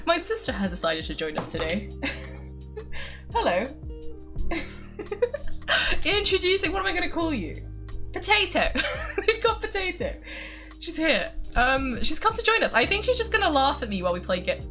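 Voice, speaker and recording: Young woman gaming streamer, high bouncy voice, giggly and chatty, soft music underneath. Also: wildly swooping pitch, moderate pace, long pauses. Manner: giggly and chatty, laughs often. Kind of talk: casual game commentary.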